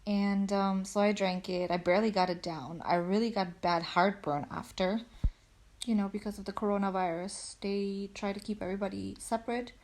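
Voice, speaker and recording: A woman's voice: medium pitch, steady tone, normal speed, a little mellow. Breathless woman chatting casually. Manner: chatty, rambling, many "like"s. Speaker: vlogger. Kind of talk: casual chat. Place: at home on a couch.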